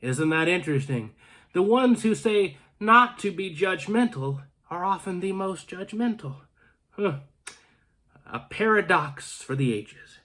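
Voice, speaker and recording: This North Carolina native speaks a little slowly, his voice high, expressive and fairly bright, as he hosts his channel at home in Canada. He reads comments and chats casually, rambling with jokes on the side and frequent restarts.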